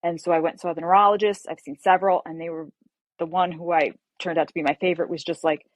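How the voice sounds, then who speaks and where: Lively storytelling woman, low and dry. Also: fast, no room sound, rough recording. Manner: animated, acts out quoted people; precise medical vocabulary. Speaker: guest author. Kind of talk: conversational storytelling.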